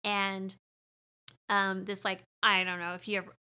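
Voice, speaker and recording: Bright-voiced chatty young woman. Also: mid-range voice, flat delivery, unhurried, clean tone. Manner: chatty, laughs often, acts out quotes. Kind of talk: casual movie discussion.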